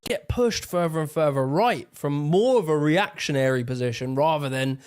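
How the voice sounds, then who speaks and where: A man speaking in a measured, explanatory way, giving casual political commentary. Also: fairly high pitch, a little mellow, clear, resonant tone.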